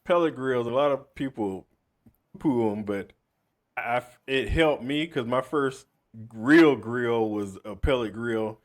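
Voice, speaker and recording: A man's voice: medium pitch, slow. A man hosting a podcast, chatting casually in an agreeable, easygoing way. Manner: easygoing, agreeable, backchannels a lot. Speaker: podcast host. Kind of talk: casual interview chat.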